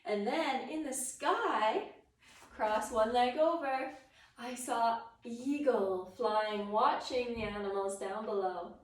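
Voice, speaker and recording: A young adult woman teaching a yoga class for children in a gentle, sing-song, playful way. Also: on the high side, slow pace, a little hiss or hum. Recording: echoey room, voice from far.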